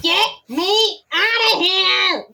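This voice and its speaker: A woman voicing a grumpy male jack-in-the-box toy who has been trapped in a box, speaking gruffly. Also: extremely high pitch, extremely slow, bright, forceful tone, voice pushed up, heavily acted. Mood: irritated. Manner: gruff, irritated.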